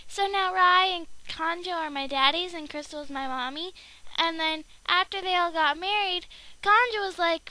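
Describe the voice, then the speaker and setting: A young woman telling a silly, rambling made-up story in a playful, giggly way, slipping into quick character voices. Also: very high-pitched, bright, forceful tone.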